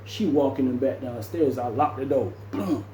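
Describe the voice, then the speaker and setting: A man's voice: medium pitch, normal speed, reverberant, a little hiss or hum, poor audio. A man casually telling a story about his past, acting out what people said and punching it up with sound effects. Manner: animated, acts out quotes and sound effects. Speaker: storyteller recounting his jail time.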